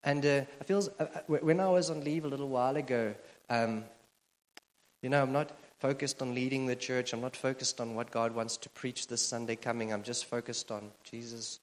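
Chatty pastor preaching in a reverberant church. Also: male voice, medium pitch, steady tone, moderate pace. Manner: conversational, self-deprecating humor, frequent fillers. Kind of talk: sermon. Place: church auditorium. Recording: long hall reverb from a church PA.

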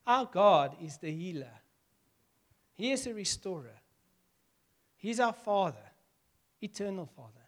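High-voiced animated preacher. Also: male voice, a little slow, long pauses. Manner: animated, acts out dialogue with God, laughs often. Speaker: pastor. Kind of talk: sermon.

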